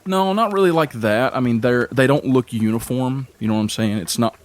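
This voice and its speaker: A man's voice: medium pitch, fairly quick. A man narrating as game master of a tabletop game in a casual, rambling way. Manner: casual, rambling, many fillers.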